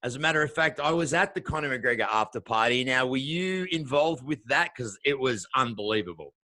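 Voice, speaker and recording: Bright-voiced Australian man hosting. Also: mid-range voice, expressive, a little fast, no echo. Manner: upbeat, welcoming showman patter. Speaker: show host. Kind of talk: podcast interview hosting.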